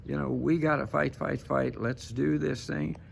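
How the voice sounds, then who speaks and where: A man's voice: mid-range voice, steady tone, a little slow, creaky, slight background noise. A man giving casual political commentary to camera, emphatic and repeatedly tagging his points with "okay?".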